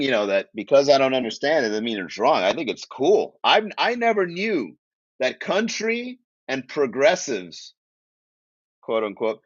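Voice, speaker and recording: A man's voice: mid-range voice, fairly bright tone, no room sound, lo-fi sound. A man from Miami hosting a casual comedy livestream, joking and chatting with viewers, laughing at his own jokes. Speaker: comedy podcast host.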